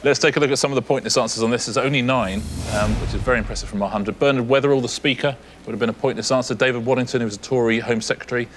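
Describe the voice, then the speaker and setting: A male quiz co-host who talks very fast, running through answers in a quick, teasing way. Clear studio noise runs behind his mid-pitched voice. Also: steady tone. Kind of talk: TV quiz commentary.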